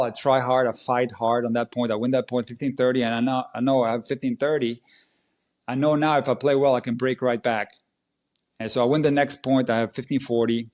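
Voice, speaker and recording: A tennis coach telling a match story in a casual, vivid and animated way on a podcast. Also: male voice, mid-range voice.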